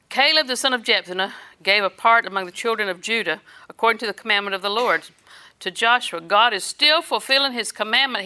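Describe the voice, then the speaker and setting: Bright-voiced older woman preaching. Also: medium pitch. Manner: homespun storytelling, chuckles between stories. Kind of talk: sermon with folksy personal stories.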